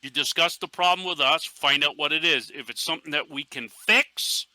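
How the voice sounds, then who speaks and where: Bright-voiced animated storyteller man. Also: a little high, normal speed, no echo. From Northeastern Pennsylvania. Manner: animated storyteller, acts out quotes with laughs. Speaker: podcast guest, airsoft team leader. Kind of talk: casual podcast chat.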